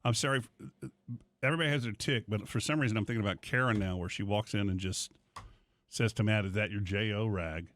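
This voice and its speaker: A middle-aged man hosting a morning radio show, rambling through stories with animated asides in casual studio banter. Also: on the low side, quick pace, a little hiss or hum.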